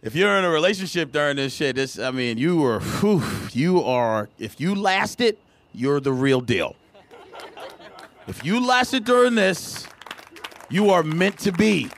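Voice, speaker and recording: A man in his thirties doing a stand-up comedy routine, telling profane, exasperated stories that burst into loud outbursts. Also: high voice, very animated, moderate pace, gravelly, a little hiss or hum.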